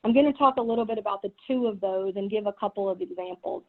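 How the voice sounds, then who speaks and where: A woman's voice: medium pitch, fast. A middle-aged woman with a Southern US accent giving an earnest leadership talk as a business executive, with frequent "um" and "you know" fillers. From American South. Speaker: guest speaker, business executive. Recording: tinny phone-like line from online event.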